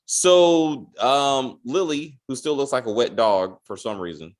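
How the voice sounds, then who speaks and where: A man co-hosting a casual TV review podcast, swearing freely and acting out characters' lines in quick exasperated bits. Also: medium pitch. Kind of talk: casual spoiler review chat.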